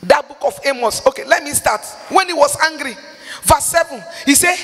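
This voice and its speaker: Fervent preacher man with a high voice in a big echoing hall. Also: animated, normal speed, a bit bright. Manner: fervent, pleading, cries out and half-sings prayers. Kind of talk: impassioned sermon with Bible reading.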